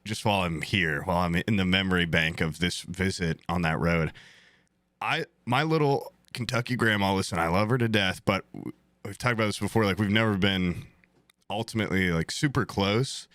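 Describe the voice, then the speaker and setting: Young male podcast host, bright and tense voice, rambling casual storyteller. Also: low-pitched, normal speed, no echo, clean studio sound. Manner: rambling, filler-heavy, swears.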